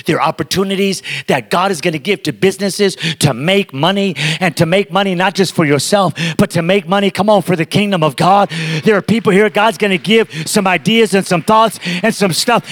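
Guy preaching a sermon, pretty high voice, talks right at the crowd, long echo in a big church. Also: fairly bright tone. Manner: emphatic, talks straight to the congregation. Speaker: guest preacher. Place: church sanctuary. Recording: long reverb of a large hall.

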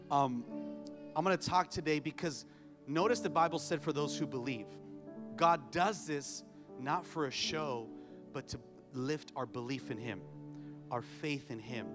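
A man preaching a sermon as pastor, telling a family story with humor and building to loud exhortation. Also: medium pitch. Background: music.

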